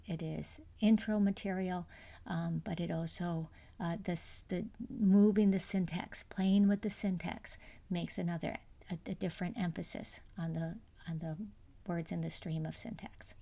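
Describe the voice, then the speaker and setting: Creaky-voiced woman lecturing on grammar. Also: lowish voice, steady tone, a little slow, mellow. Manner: explanatory, frequent fillers and restarts, sometimes drops to a whisper. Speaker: university English instructor. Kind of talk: recorded lecture.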